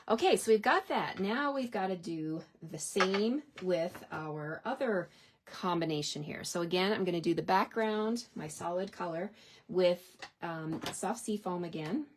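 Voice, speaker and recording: A woman's voice: on the low side, slight background noise. A woman chatting her way through a card-stamping tutorial, upbeat and easygoing, narrating each step as she works. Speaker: stamping and card-making demonstrator. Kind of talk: casual craft tutorial.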